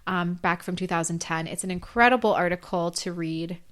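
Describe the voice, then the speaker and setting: A woman hosting a solo health podcast, earnest and explanatory, hoarse from losing her voice. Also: fairly low pitch, fairly quick. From North America. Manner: earnest, explanatory, with fillers and restarts. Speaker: podcast host.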